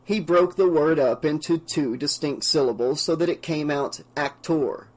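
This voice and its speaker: A male audiobook narrator reading in a steady, measured way. His voice sits a bit high for a man and carries the prose evenly from line to line. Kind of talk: scripted narration.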